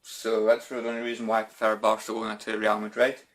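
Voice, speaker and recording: A Scottish man who hosts a YouTube gaming channel answers viewer questions in a casual, informal vlog chat. His voice is fairly low and a bit bright, his delivery completely flat and fast. Chatty throughout, he says "bloody" and "mate" a lot.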